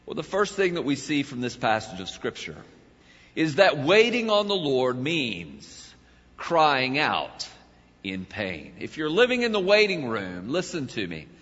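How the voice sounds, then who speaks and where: A man's voice: huge pitch swings, a little slow. Dramatic preaching man in an echoing hall. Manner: dramatic preaching, swelling to loud cries and dropping low. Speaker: pastor. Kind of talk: sermon. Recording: dull lo-fi sound with long hall reverb.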